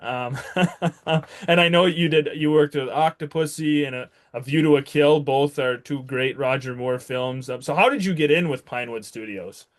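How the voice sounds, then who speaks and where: A man's voice: on the high side, moderate pace. A man hosting a podcast interview, speaking in a friendly, reflective way. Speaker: podcast host. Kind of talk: casual interview chat.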